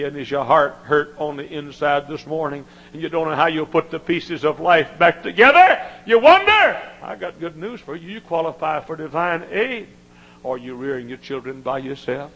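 A man preaching a sermon, with emphatic repetition and dramatic swings from hushed tones to shouting. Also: mid-range voice, slight background noise, rough recording.

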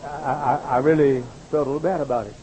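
A man's voice: a little high, fairly even intonation, quick pace, mellow, low-quality recording. A man preaching a sermon to college students, pressing his points through emphatic repetition and slipping into rambling, self-mocking stories. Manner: wry, rambling anecdotes with self-mocking asides.

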